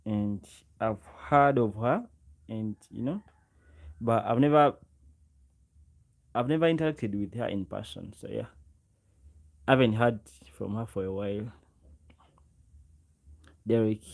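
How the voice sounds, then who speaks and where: With a medium-pitched, slightly mellow voice, a Ugandan livestream host talks casually with his audience through his own close mic. Greeting viewers by name is a habit, as is repeating himself.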